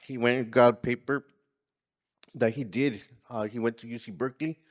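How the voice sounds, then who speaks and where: A man's voice: medium pitch, steady tone, moderate pace. A man telling an earnest personal story at a community gathering, acting out the lines of people in it. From California. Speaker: community organizer speaker. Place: conference room.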